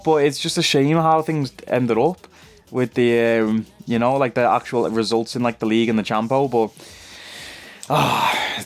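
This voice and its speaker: A young man giving casual, chatty commentary over a football management game, calling his viewers "bro". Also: medium pitch. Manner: chatty, says "bro" a lot. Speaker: gaming YouTuber.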